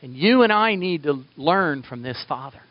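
A male pastor preaching a sermon, swinging from loud, high pleading prayers down to hushed near-whispers. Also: expressive, moderate pace, no room sound, dull audio.

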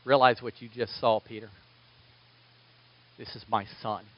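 A man doing a low, quiet, solemn divine father. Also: animated, unhurried, breathy edge, dull audio, heavily acted. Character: calm, firm male divine father figure.

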